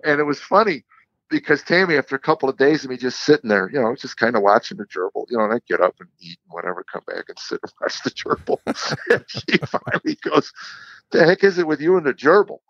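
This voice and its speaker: A man, a comedian guest on an interview podcast, candidly telling a personal story in a halting, earnest way and acting out the quotes. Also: mid-range voice, expressive, gravelly, a bit bright, no room sound, highs cut off. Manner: earnest, halting retelling with repeated words and acted-out quotes.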